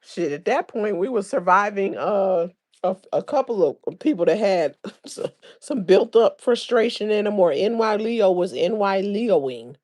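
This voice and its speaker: Slow, easygoing woman hosting a livestream. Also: mid-range voice, animated, darkish tone. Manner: chatty, laughs often, drawn-out delivery. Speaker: livestream host. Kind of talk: casual chat, reading live comments aloud.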